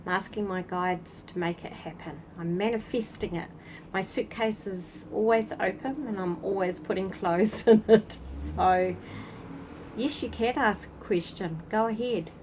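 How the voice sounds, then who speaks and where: A woman's voice: mid-range voice, a little slow, darkish tone, slight background noise, poor audio. A woman hosting a casual livestream, chatting to viewers by name while sitting outside at night. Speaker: spiritual channel host. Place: outdoors at night in a breeze.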